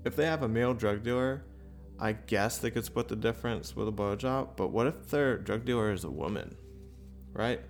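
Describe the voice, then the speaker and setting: A man's voice: on the low side, moderate pace, echoey room, soft background music. Profane, rambling male stand-up comic. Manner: profane, rambling, self-deprecating. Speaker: stand-up comedian. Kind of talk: stand-up set and casual recap. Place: comedy club stage.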